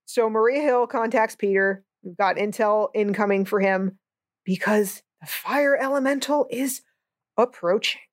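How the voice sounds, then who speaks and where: A woman's voice: medium pitch, measured pace, dry recording, studio quality. A woman co-hosting a movie podcast in a casual chat, wry and sarcastic, laughing often. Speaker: podcast co-host.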